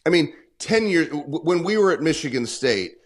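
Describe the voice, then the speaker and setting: A man's voice: on the high side, big pitch swings, moderate pace. A man in his forties, a performance coach talking in a podcast interview, earnest and full of stories, often acting out the dialogue he quotes.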